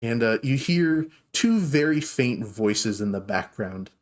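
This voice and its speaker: A man's voice: medium pitch, animated, unhurried. A man narrating a fantasy tabletop game as game master, in a loose, filler-heavy way.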